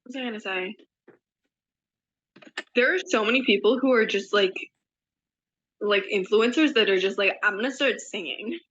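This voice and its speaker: Brief: young woman, bright tense voice, rambling and self-deprecating, dull muffled audio. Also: medium pitch, normal speed, long pauses. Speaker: podcast co-host. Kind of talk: casual chat.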